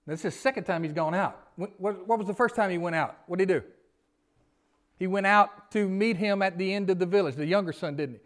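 A pastor preaching to his congregation in a church. His voice sits high for a man, and he talks in a folksy way, often putting questions to the people in front of him. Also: brisk. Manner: folksy, asks the congregation questions, pleading rises. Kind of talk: sermon. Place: church sanctuary.

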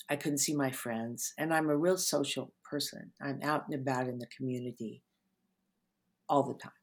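An older woman with a strikingly deep voice reflects gently in an interview. She tells stories at an unhurried pace, letting her phrases fade softly at the ends. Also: slightly rough. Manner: gentle, unhurried storyteller with soft trailing endings. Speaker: author and therapist guest.

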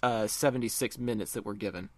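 A man's voice: fairly low pitch, fast talker, no room sound. A man hosting a podcast, talking thoughtfully with frequent restarts. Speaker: podcast host. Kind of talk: casual chat.

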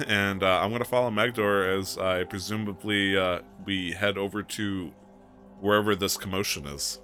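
A man's voice: sits low, fairly even intonation, moderate pace, sharp tone, faint music behind. A man playing a tabletop game, joking around playfully and laughing often. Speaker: player. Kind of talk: casual tabletop role-play.

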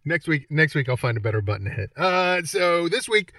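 A man's voice: a little high, sing-song, fairly quick, sharp tone, dry recording, clean studio sound, recorded from a distance. A man hosting a game show segment on a sports podcast, joking and reading quiz questions aloud. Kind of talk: casual podcast banter.

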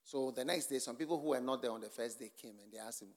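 A man preaching a sermon at a church conference, telling stories and acting out the people he quotes, swinging from hushed asides to shouting. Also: mid-range voice, fast, few pauses. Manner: storytelling, acts out the people he quotes. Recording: long hall reverb.

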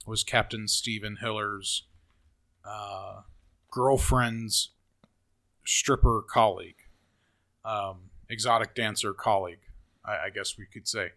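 A man's voice: on the low side, fairly even intonation, slow pace, pauses often, sharp tone. A man casually discussing a film on a podcast, hesitant and stumbling over his words. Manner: hesitant, many fillers and restarts, laughs. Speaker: podcast co-host.

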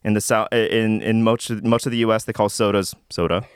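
A man in his thirties telling stories as a podcast guest, relaxed and laughing often. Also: on the low side, fast, smooth, no echo, studio quality. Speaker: podcast guest, stand-up comedian. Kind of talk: casual storytelling chat.

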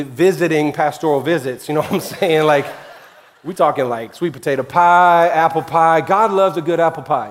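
A man preaching a lively sermon as a pastor, swinging between shouted encouragement and quiet, folksy asides full of slang. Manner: fiery, high-energy preaching with big swings in loudness and pitch. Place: church sanctuary, with a keyboard playing behind.

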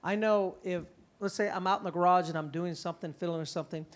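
A middle-aged man speaking at a parenting conference, lively and conversational, often slipping into quick impressions of parents and kids. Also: sits high. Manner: animated, acts out parents and kids in quick quoted voices. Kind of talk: conference talk.

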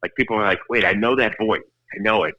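A man's voice: lowish voice, fast talker, sharp tone, no echo, lo-fi sound. A man hosting a sports show, telling wry, self-deprecating stories in a casual chat on a close studio mic. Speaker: sports TV host.

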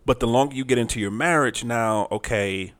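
A man's voice: medium pitch, a little fast, fairly bright tone. A middle-aged man co-hosting a married couple's podcast, talking in a laid-back, earnest way. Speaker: podcast co-host. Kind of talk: casual chat.

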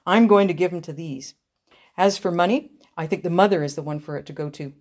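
A woman's voice: fairly low pitch, fairly quick, darkish tone, close to an everyday voice. A woman doing a firm, cheerful old aunt. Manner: firm, reassuring. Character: kindly, practical older aunt, firm and cheerful.

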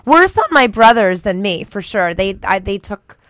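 A woman co-hosting a radio talk show, telling lively stories and laughing often. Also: medium pitch, moderate pace, dry recording. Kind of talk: casual talk-show chat.

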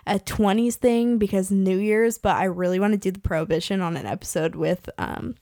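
A woman's voice: medium pitch, steady tone, brisk, mellow, no room sound, clean studio sound. A woman in her twenties from California, hosting a podcast in a casual, chatty way with lots of fillers and laughs. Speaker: podcast host.

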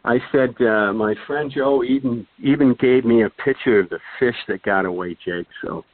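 An older man, appearing as a guest storyteller, spins a long, casual anecdote in a rambling way, full of fillers and restarts. His voice is mid-range and moves at a moderate pace. The recording is dry and thin, like a phone, with no room sound.

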